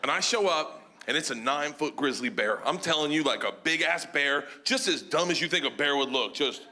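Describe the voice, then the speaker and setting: A man doing stand-up comedy, telling a crude story in a loud, animated way on a comedy stage. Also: fairly high pitch, a little fast, noisy background.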